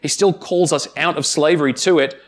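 A man preaching a sermon, speaking emphatically with deliberate pauses and addressing the congregation directly. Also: fairly high pitch. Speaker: pastor.

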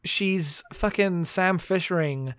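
Chatty higher-voiced man, dry close sound. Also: fairly bright tone, smooth, no room sound. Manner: chatty, laughing, reads lines in quick voices. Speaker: podcast co-host. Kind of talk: casual comic-book discussion.

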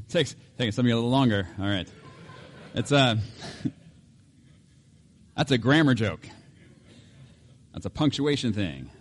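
A middle-aged man preaching with lively energy. He jokes, laughs often and slips into acted voices as he teaches, at a middle pitch. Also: a little slow, long pauses. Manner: animated, joking, acts out voices, laughs often. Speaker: pastor. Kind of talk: sermon.

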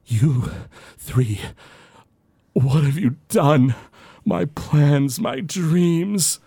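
A man's voice: on the high side, extremely slow, vocal fry, mellow, breathy edge, no room sound, voice pushed up, heavily acted. A man doing a ranting villain cult leader. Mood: anguished. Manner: desperate, then gloating.

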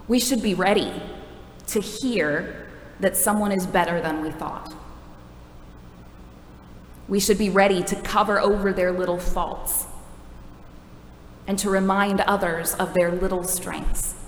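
A woman's voice: medium pitch, measured pace, long pauses, slight background noise. A woman preaching a sermon in a conversational, wry, self-deprecating way. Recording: echoey hall from a distance.

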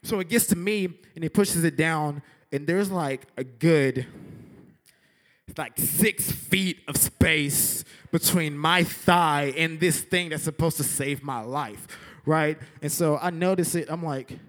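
A young man teaching a lesson through an animated story, acting out scenes with sound effects and saying "like" a lot. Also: on the high side, moderate pace. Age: young adult. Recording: echoey hall with long reverb.

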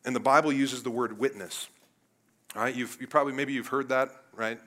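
A man preaching a sermon as pastor, talking straight to the congregation and swinging from loud emphatic peaks down to low, quiet stretches. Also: moderate pace. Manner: animated, rises to loud emphatic peaks then drops low; addresses congregation directly with "guys" and "right?".

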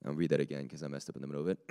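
A man preaching a sermon with a slightly raspy voice, talking in a lively, conversational way that builds to emphatic peaks. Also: rumbling low, very fast.

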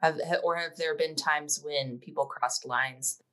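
A woman co-hosting an interview, frank and chatty, talking in quick bursts. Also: low voice, steady tone, a bit bright. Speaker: co-host. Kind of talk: casual interview chat.

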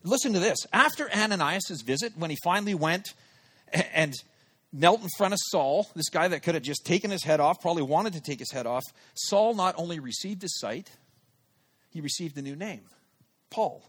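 A man's voice: a little high, normal speed, husky. A male pastor preaching a sermon, telling a personal story and acting out his own thoughts aloud. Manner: animated, acts out his own inner thoughts. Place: church service held in a theater.

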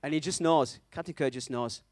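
A man's voice: a little high, fairly quick, dry recording. A man preaching a conversational sermon, telling a story and checking in with his audience, with a self-mocking manner.

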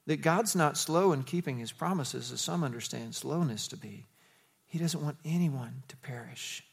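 A man preaching as the pastor of his church, telling stories with lively, animated delivery. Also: normal speed, vocal fry, breathy edge. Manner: animated storytelling, jumps to high excited quotes. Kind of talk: sermon.

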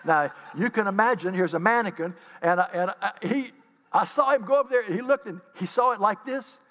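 A man's voice: sits high, fairly quick. Guy preaching, acts out his stories, echoey big hall sound. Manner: animated storytelling, acting out scenes. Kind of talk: sermon storytelling.

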